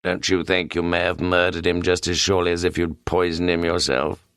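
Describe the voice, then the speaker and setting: A man voicing a calm, probing British police detective with a British accent, speaking slowly and deliberately. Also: sits low, clear, resonant tone, no room sound, studio quality, pitched below the performer's own voice. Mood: measured. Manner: slow, measured accusation.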